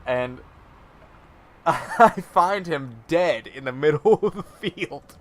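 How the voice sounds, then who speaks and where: A man's voice: fairly high pitch, animated, slow. A man co-hosting a gaming show, casually telling a long story and often laughing mid-sentence. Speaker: co-host playing a video game.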